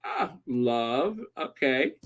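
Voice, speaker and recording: Slow, chatty livestream host. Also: male voice, mid-range voice, very animated, fairly bright tone. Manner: chatty, giggly, rambling, thinks aloud. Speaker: livestream host reading chat. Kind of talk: casual chat.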